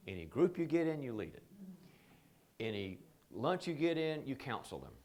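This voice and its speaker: A man's voice: medium pitch, sing-song, moderate pace, darkish tone. A man teaching a live training seminar in a conversational, joking way, often slipping into quoted voices.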